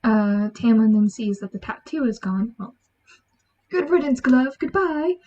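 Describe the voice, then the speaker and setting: A woman giving a chatty, animated book review, acting out lines from the story. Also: a little high, measured pace. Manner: chatty, animated, acts out quotes. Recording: dull lo-fi sound.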